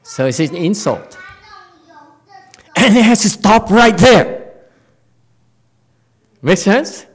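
Speaking slowly with frequent pauses, a woman with a medium-pitched, slightly rough voice gives a dharma talk on Chan stories as a Buddhist teacher. She laughs a lot and is animated, often asking her listeners questions.

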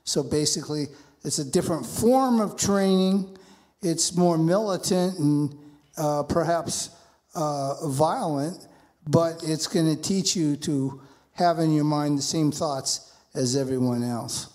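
A man's voice: a little high, slow, a little mellow. An older man, a student in a class discussion, speaking bluntly and matter-of-factly.

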